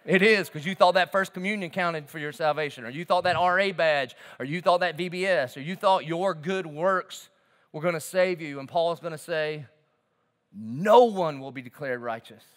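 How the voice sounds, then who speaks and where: A man preaching a sermon as pastor, fervent, swinging from loud emphasis to hushed tones. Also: on the high side, moderate pace. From southern United States. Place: large church auditorium. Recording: long reverb of a large hall.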